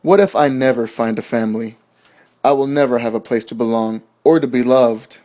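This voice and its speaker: A man's voice: medium pitch, moderate pace, dark tone, lightly acted. A man voicing a lonely, timid little male bee who pleads to join a new family in a storybook. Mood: despairing.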